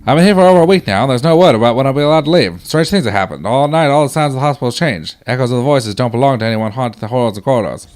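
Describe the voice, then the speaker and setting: A man's voice: medium pitch, lively intonation, very fast, hardly any pauses, darkish tone, pitched above the performer's own voice, lightly acted. A man reading a wounded soldier's letters aloud in an old-timey, put-on British voice. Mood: fearful. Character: wounded young male WWI soldier writing letters.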